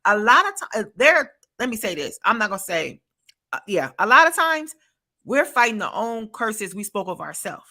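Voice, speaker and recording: A woman's voice: mid-range voice, very animated, normal speed, pushed and bright. A woman host on a faith-based podcast, preaching emphatically and repeating phrases for effect over a video call. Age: adult, a parent.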